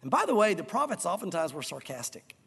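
Brief: an emphatic male pastor with a high voice, preaching a sermon in a hall with a long echo. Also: quick pace, vocal fry, husky. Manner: animated, emphatic, enthusiastic.

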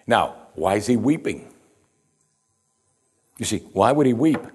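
A man's voice: lowish voice, expressive, unhurried, a little mellow, slightly rough. A man preaching a sermon, reading scripture and explaining it with rhetorical questions and repeated "you see". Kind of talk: sermon, verse-by-verse Bible teaching.

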